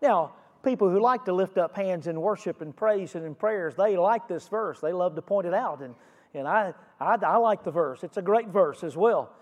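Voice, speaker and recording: A man with a notably high voice delivers a sermon as a pastor, teaching earnestly and posing rhetorical questions to his congregation. His voice rings out with a long reverb, as if in a large church sanctuary. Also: darkish tone.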